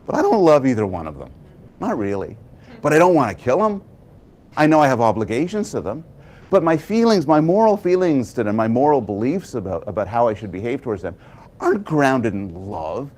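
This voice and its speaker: A man giving a prepared public talk, telling a story with animated delivery and dramatic pauses. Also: medium pitch. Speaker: public speaker.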